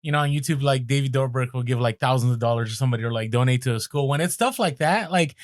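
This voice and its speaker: A man co-hosting a podcast, chatting in an animated, emphatic way with many fillers. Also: medium pitch, quick pace, dry recording, studio quality. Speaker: podcast co-host. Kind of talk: casual chat.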